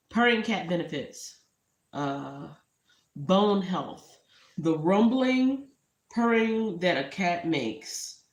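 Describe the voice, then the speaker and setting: A woman talking casually to the camera as a vlogger. She is heartfelt and a little emotional, and she keeps drifting into asides. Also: sits low. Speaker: entrepreneur vlogger. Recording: roomy echo.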